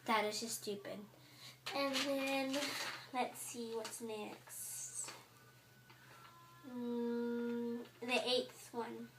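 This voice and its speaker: Speaking very slowly with long pauses, a teen girl vlogs to camera in a fairly high, level voice. She's chatty yet exasperated, acting out quotes from others. Faint noise and an echoey room are audible.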